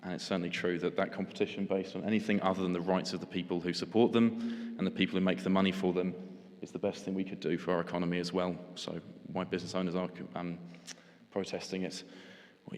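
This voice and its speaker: Deep, flat-voiced man chairing fast. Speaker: chair of the session. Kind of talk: chairing a meeting. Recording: echoey hall.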